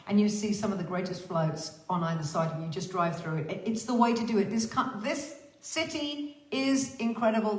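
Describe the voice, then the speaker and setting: A woman's voice: mid-range voice, a bit bright. Chatty woman with roomy echo. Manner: chatty, theatrical, swears freely. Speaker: livestream host. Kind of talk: casual livestream chat.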